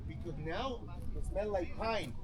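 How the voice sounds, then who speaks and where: Tour guide, man, higher voice, explaining to visitors, off-mic amid a crowd. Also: lively intonation, measured pace. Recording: distant voice with crowd noise.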